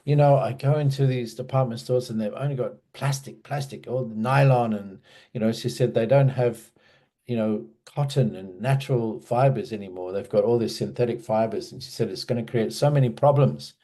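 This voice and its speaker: A man's voice: medium pitch, moderate pace, dark tone. A man casually telling a personal memory in an interview, hesitant, with many restarts and fillers. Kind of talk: casual storytelling.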